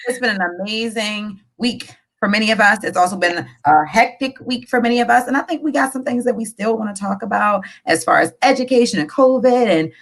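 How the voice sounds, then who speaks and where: Animated woman podcast co-host. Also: a little high, a little fast, few pauses, poor audio. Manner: animated storyteller, voices quoted characters. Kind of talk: casual podcast chat and joke telling.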